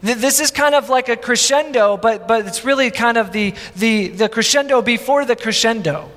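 This pastor's voice is extremely high, moving at a moderate pace with a long reverb tail behind it. He preaches in a storytelling, conversational style, animatedly acting out what his characters say.

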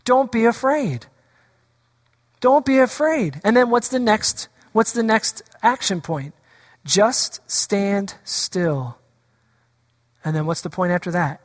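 Slowly and with long pauses, a pastor of medium pitch and lively intonation preaches in a reverberant sanctuary. His sermon asks the congregation rhetorical questions and dramatizes quoted voices of scripture.

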